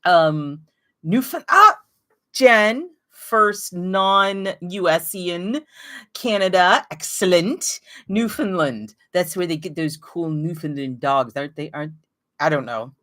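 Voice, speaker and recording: Woman, live-stream host, rambling casual chat, lowish voice. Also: a bit bright. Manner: chatty, greets viewers by name and place, rambling asides.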